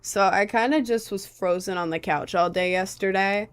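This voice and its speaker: Young woman streamer, casual and rambling, mid-pitched, answers chat as she goes. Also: normal speed, smooth. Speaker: live streamer.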